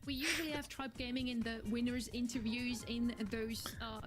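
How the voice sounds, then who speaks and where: A woman's voice: on the high side, steady tone, moderate pace, faint music behind. A woman hosting an esports broadcast, informative and light. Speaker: esports host.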